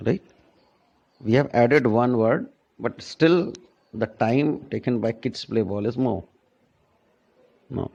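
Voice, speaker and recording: A man giving a classroom lesson on pronunciation, deliberate and repetitive, often checking in with "right?". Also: mid-range voice, vocal fry, dark tone, muffled recording. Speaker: English teacher.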